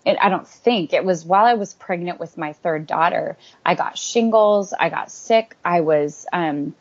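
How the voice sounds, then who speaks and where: A woman's voice: on the low side, moderate pace. A woman, a guest author, sharing an earnest and rambling personal faith story in an interview, with many fillers. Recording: dull lo-fi recording.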